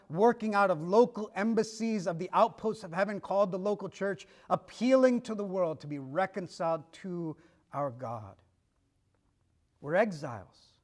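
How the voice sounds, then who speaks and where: A middle-aged man preaching, telling stories and acting out dialogue with shifts of pace and volume. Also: high voice. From United States. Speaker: pastor. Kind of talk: sermon.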